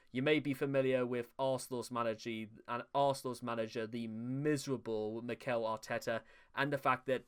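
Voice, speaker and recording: Young man, commentary host, smooth clear voice, mid pitch; wry and sarcastic, stumbles and restarts. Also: a bit bright. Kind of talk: mocking commentary reading scripted narration.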